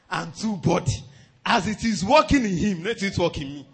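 A pastor preaches in a high, lively voice that leaps up and down. His tone is bright with a husky edge, and he chuckles often as he drives his points home. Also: normal speed. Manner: animated preaching, often chuckling, repeats "let me tell you". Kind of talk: sermon.

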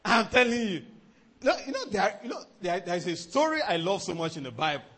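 A man preaching a sermon as a pastor, animated, often chuckling and repeating himself for emphasis. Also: sits high, fairly quick, breathy edge.

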